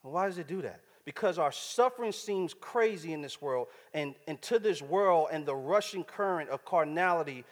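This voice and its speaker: A man's voice: fairly high pitch, animated, normal speed, few pauses. A man preaching a sermon, using casual street slang and checking in with the congregation as he talks. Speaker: pastor. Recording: church hall reverb.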